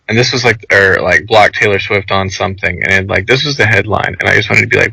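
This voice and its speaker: Gravelly young man ranting casually. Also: lowish voice, a little fast, few pauses, dry recording, poor audio. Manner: rambling, animated storytelling with lots of "like". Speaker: podcast co-host. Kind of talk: casual chat.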